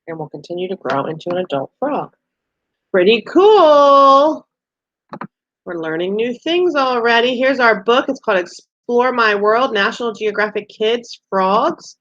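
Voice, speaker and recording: Teacher type: gentle woman reading to small kids over a muffled, dry home recording. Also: mid-range voice, dry recording. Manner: gentle, explains picture cards and reads aloud. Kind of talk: distance-learning lesson for young children.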